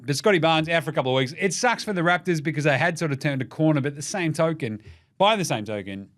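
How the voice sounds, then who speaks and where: Lively, rowdy Australian sports podcaster man. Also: fairly high pitch. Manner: rowdy, sweary, jokey, does silly voices. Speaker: podcast host. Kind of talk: casual sports chat.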